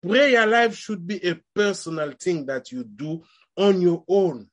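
Male preacher, somewhat high voice, emphatic rising phrases, chatty sermon. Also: lively intonation. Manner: conversational preaching with rising emphatic lines and quick asides.

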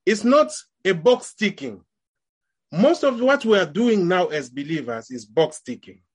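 Emphatic preacher man, high-ish voice. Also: sing-song, husky. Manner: conversational preaching with rising emphatic lines and quick asides. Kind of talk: sermon.

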